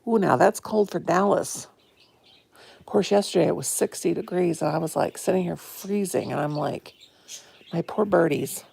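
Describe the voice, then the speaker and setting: A woman in her fifties, a little hoarse, chatting live to viewers from her phone at home and greeting them with pet names. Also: on the low side, moderate pace, warm tone. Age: 50s. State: a bit hoarse. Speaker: live-stream host. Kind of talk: casual live-stream chat with viewers. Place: home, indoors.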